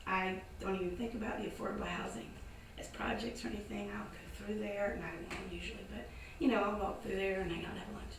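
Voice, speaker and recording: In an echoey indoor event space, picked up by a distant mic with some background noise, a woman from the American South spins a casual story for a live audience. She talks fast with hardly any pauses in a mid-range voice, animatedly doing the voices of her characters.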